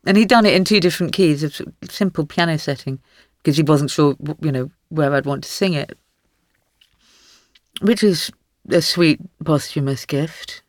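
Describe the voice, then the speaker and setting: A woman in her sixties, a guest author in a podcast interview, telling stories in a wry, lively way with frequent laughs. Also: low voice, moderate pace, dry recording, clean studio sound.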